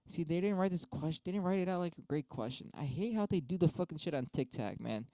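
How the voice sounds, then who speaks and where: Speaking quickly and expressively, this young man's somewhat high, warm voice comes through a dry recording. It's a casual solo stream monologue where he debates prompts from both sides himself, rambling and swearing as he goes.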